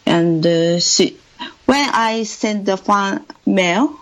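Female radio caller, halting hesitant English, slow unhurried delivery. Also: medium pitch, poor audio. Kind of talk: phone-in call.

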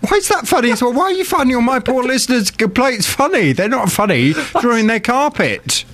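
A man's voice: very high-pitched, sing-song, fairly quick, a bit bright, no echo. A man presenting a radio phone-in, bantering on air from a studio microphone in a teasing, mock-indignant way.

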